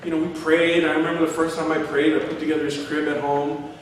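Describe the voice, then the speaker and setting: A man's voice: a little high, level tone, quick pace, slight background noise. A middle-aged man preaching a sermon as pastor, telling stories, acting out quotes and chuckling as he goes. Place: large church hall. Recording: echoey hall from far off.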